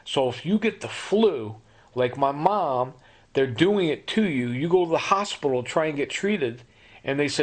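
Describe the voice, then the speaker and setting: A man's voice: mid-range voice, animated, normal speed. A middle-aged man telling his own story in an impassioned monologue, urgent and pleading, repeating himself and appealing straight to the listener.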